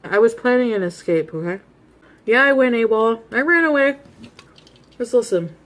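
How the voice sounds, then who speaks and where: A woman's voice: on the high side, moderate pace. A woman vlogger casually telling a rambling story to her viewers at home, full of asides and little laughs. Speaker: vlogger host.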